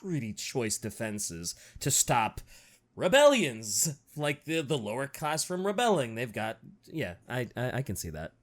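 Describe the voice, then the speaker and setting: Chatty man with a lively voice. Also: mid-range voice, a little slow. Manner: joking, chatty reactions. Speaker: podcast co-host. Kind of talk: casual chat.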